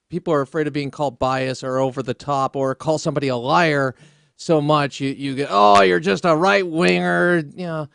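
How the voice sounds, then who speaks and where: A man hosts a political call-in style radio show, pressing his points with sarcasm and rambling asides. His voice sits a touch high, and the studio sound is close and dry. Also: clear, resonant tone, dry recording. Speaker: radio talk show host. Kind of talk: opinionated political talk radio.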